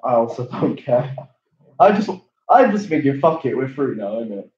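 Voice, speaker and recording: A man's voice: medium pitch, big pitch swings, normal speed, a little mellow. A young man with a London accent, co-hosting a football watchalong, brash and swearing freely. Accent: London English. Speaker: fan channel co-host. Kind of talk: casual football watchalong chat. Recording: roomy, distant, dull lo-fi sound.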